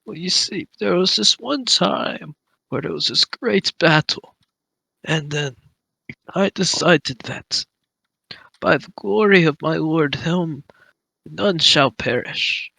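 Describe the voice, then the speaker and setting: A man playing a tabletop game, speaking in character with slow, drawn-out storytelling. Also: a little high, creaky, pushed and bright, dry recording. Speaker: player. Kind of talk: in-character role-play.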